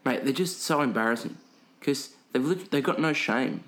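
A man's voice: mid-range voice, expressive, normal speed, fairly bright tone, a little hiss or hum. A young Australian man, a podcast co-host, telling a sweary story in casual chat and mimicking other people's voices.

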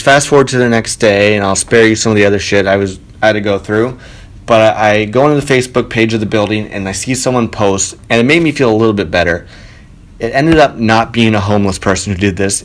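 A podcast host records from a home studio set up in a spare bedroom, using a home studio mic. His voice is fairly low. He tells a story casually but with lots of animation, swears freely, and raises his voice when quoting people.

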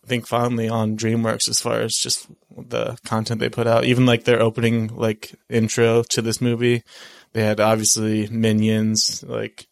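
A man's voice: on the low side, monotone, normal speed, creaky. A young man chatting casually about a film he saw, rambling with lots of fillers and restarts. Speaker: film podcast co-host. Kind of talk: casual film review chat.

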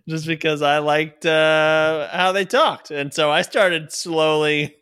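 A man's voice: on the high side, fairly even intonation, takes it slowly, pushed and bright, clean tone. A man from Virginia telling a story in casual chat, laughing often and swearing freely. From Virginia, USA.

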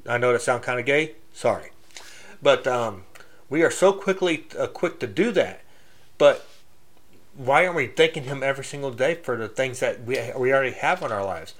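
A man's voice: medium pitch, moderate pace, fairly bright tone. A man giving a casual, blunt faith talk, preaching straight with many restarts and loose grammar. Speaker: Christian speaker.

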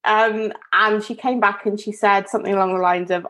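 Speaking at a brisk clip in a steady, mid-range voice with a fairly bright tone, this podcast co-host rambles through a casual story. She chats away, cuts herself off, and laughs a lot.

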